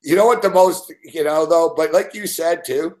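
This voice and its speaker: A man's voice: fairly high pitch, normal speed, a little mellow. Canadian man breaking down bets. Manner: explains picks plainly, laughs easily. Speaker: sports betting analyst. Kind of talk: casual live betting analysis.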